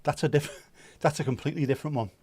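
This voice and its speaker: A man's voice: fairly high pitch, fast talker, a little mellow, slightly rough, no room sound. Jokey, sweary man hosting. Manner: jokey, sweary and self-mocking. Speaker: livestream host. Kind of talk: casual chat reading viewer comments.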